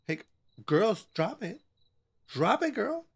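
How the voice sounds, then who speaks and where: A man's voice: medium pitch, very animated, normal speed, a bit bright. A man giving joking, sassy commentary while he plays a horror game, bantering with the characters on screen. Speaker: gaming channel host.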